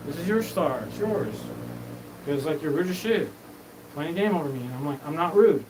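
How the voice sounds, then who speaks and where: Male host, slightly high voice, rambling and profane, noisy recording. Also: animated, fairly quick. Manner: disjointed, profane, jumps between topics. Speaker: show host. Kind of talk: rambling live monologue. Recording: noisy background.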